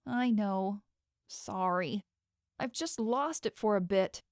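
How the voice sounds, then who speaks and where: A woman's voice: mid-range voice, slow, dry recording, clean studio sound. A woman voicing a frightened, furious young wife in an audiobook, ranting and tearful. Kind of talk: audiobook character voice.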